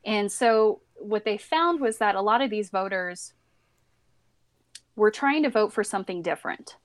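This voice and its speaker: A woman's voice: mid-range voice, animated, measured pace. A woman with a mid-range voice talks casually on a podcast, restarting her sentences as she explains. The sound is dry and close, with no room echo. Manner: chatty, hesitant restarts, laughs. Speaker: podcast co-host. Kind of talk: casual political chat.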